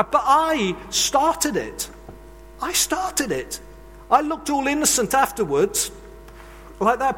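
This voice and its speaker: A man's voice: very high voice, fairly bright tone, a little hiss or hum. A man preaching a sermon, telling earnest, confessional stories from his own life. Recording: long reverb of a large hall.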